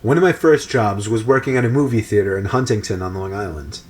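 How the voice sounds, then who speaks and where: A man giving a scripted, steady narration of a creepy story. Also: on the low side, fast talker.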